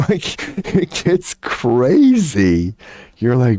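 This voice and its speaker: Profane laid-back man streaming, mellow voice. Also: lowish voice, lively intonation, slow, no room sound, studio quality. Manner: profane, laughing, rambling storyteller. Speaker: livestream host. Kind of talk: casual livestream chat.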